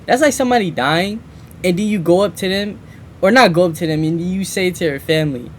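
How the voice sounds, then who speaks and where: A man's voice: high voice, sing-song, moderate pace, a little hiss or hum. A young man streaming and reacting to a crime video, talking casually in slang, repeating himself and laughing at his own phrasing.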